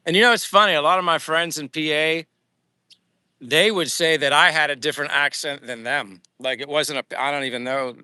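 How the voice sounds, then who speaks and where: Sweating as he walks beneath trees on a hot day, this older livestream vlogger from Pennsylvania chats casually with his viewers, reading their messages aloud. His bright voice sits fairly high and moves briskly, and he rambles amiably with lots of fillers and restarts. The tone is clean, with no room sound.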